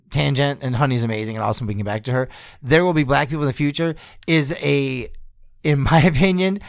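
A man's voice: medium pitch, vocal fry, no room sound, studio quality. A man co-hosting a podcast, ranting in a casual, sarcastic and profane way. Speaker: podcast co-host. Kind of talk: casual chat.

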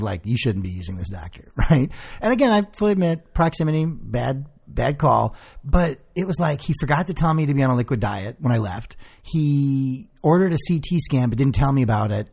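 A young man telling a long story in casual chat, animated and swearing, acting out the people he quotes. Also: mid-range voice, vocal fry, slightly rough.

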